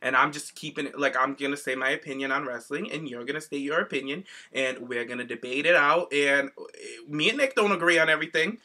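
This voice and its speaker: Male podcast co-host, bright, forceful voice, sassy and animated, slightly high. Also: quick pace. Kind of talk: casual chat.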